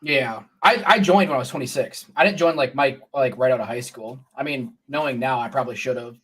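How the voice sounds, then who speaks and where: A man in his thirties in casual chat, relaxed and hedging with "like". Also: medium pitch, fairly quick, breathy edge.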